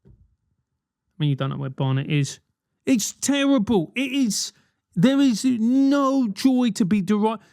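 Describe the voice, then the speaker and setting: A man's voice: extremely high pitch, expressive, a little slow, pauses often, darkish tone, no echo, studio quality. A man in his forties hosting a solo podcast, ranting animatedly with swearing and mock voices. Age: 40s. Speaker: podcast host.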